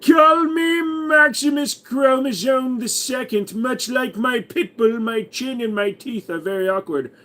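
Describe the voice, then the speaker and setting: A man voicing a boastful, dim-witted inbred male royal in a high, drawn-out, shouted delivery. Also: full character voice. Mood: pompous.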